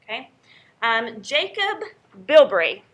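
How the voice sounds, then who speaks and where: Southern woman professor, young, chatty and upbeat, bright higher voice, keeps asking "okay?". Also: big pitch swings, slow pace. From North Carolina. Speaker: college professor. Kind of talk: first-day class introduction and roll call. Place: classroom.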